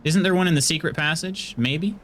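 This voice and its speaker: A man with an American accent streaming a video game, chatting casually with his viewers and jumping into high, excited bursts. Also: a little fast, a little hiss or hum.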